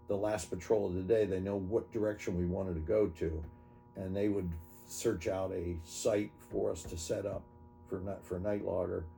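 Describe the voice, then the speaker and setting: A man in his seventies, an army veteran, recounting his memories in an oral history interview, halting and correcting himself as he goes. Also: fairly low pitch, creaky, mellow. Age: 70s. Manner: halting, self-correcting storytelling.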